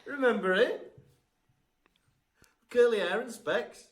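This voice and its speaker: A man's voice: extremely high pitch, slow pace. A man co-hosting a podcast, chatting cheerfully, throwing in teasing suggestions, and reading the show's outro. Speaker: podcast co-host. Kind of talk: casual chat and show outro.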